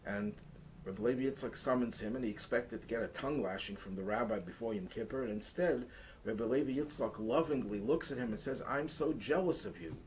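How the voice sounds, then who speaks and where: A man's voice: on the low side, fairly quick, a little mellow, a little hiss or hum, poor audio. A man teaching the weekly Torah portion as a rabbi, earnest and rising in intensity to stress his points. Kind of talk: Torah lesson.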